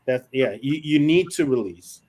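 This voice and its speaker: A man who is a military veteran tells stories on a podcast in a blunt, profane way. He slips into the voices of the people in his stories as he goes, and his pitch sits in the middle for a man. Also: lively intonation, normal speed, darkish tone. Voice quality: profane, blunt, acts out quoted dialogue. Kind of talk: casual storytelling on a podcast.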